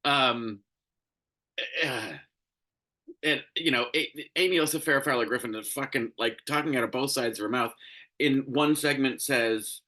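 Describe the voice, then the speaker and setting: A man's voice: mid-range voice, moderate pace, bright, forceful tone. A man hosting a solo commentary show, ranting in a profane, exasperated way, tired and crabby. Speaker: show host.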